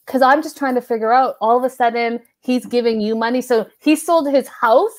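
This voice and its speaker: A woman hosting a podcast in casual chat, telling gossip in an animated, exclaiming way. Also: on the high side, a little fast. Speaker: podcast host.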